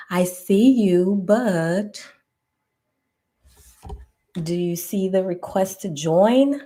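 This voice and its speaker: A woman's voice: mid-range voice, very slow, pauses often, dark tone. A woman hosting a casual live-stream chat, laughing often, greeting viewers by name and dropping to a near whisper for asides. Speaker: host of a live relationship podcast.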